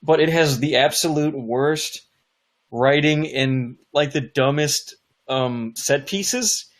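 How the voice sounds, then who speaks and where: A man's voice: on the high side, slow pace. A man in casual chat, cracking crude, sarcastic jokes.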